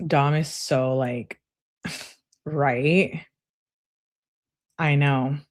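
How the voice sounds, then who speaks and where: A woman's voice: deep voice, steady tone, drawn-out words. A woman reading text messages aloud and adding chatty, slangy commentary in a casual tone. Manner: chatty, reactive, slangy asides. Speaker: true crime commentator.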